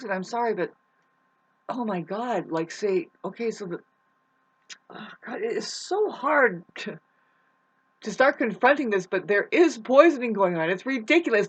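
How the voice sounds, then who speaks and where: A woman with a husky, breathy voice rambles through a spiritual monologue. She gets excitable, leaps into loud outbursts, then drops to low mutters, and swears freely. The recording sounds dull and lo-fi. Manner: swears casually, many restarts. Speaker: vlogger.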